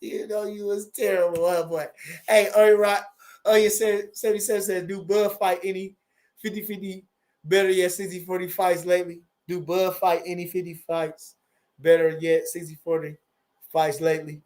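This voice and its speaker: A man in his forties with a fairly high voice, chatting loosely on a livestream and answering viewer comments. He speaks, swears freely, and doubles back on his words with lots of animation. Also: normal speed. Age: 40s. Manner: animated, profane, repeats phrases. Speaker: boxing trainer and livestream host. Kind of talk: casual livestream chat reading viewer comments.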